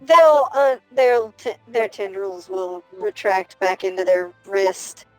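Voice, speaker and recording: A woman's voice: medium pitch, expressive, no room sound, soft background music, rough recording. A woman playing a tabletop game, describing her character's actions hesitantly. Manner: slow, hesitant, with "uh" pauses. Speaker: player.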